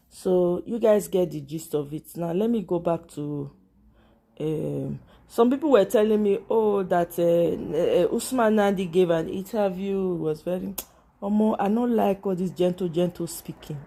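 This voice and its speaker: A Nigerian-accented woman hosts a political live stream, speaking animatedly, blending English with Pidgin, and greeting viewers by name. Her voice is on the low side at a moderate pace, in a casual commentary style.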